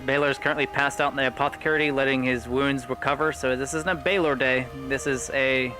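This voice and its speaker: A man's voice: mid-range voice, steady tone, a little fast, over music, poor audio. A man streaming a roleplay game, chatting casually and joking between scenes, swearing freely.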